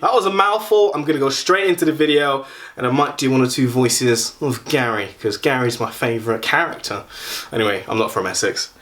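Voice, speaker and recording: A man's voice: medium pitch, fairly quick, fairly bright tone. Young man, casual vlogger, wry and self-mocking. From London. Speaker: YouTuber. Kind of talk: casual vlog talk.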